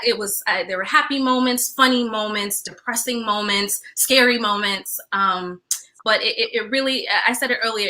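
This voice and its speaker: Soft-spoken woman singer, very bright tone. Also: medium pitch. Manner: reflective, halting and heartfelt. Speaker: singer and stage actress. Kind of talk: interview answers.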